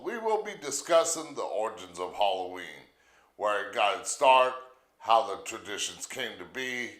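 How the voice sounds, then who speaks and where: A man with a lower voice hosts his own podcast in a relaxed, chatty way. He speaks slowly but with a lively, swinging pitch. The room around him is noticeably echoey. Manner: lively, explaining pronunciation. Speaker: podcast host. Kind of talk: casual podcast talk.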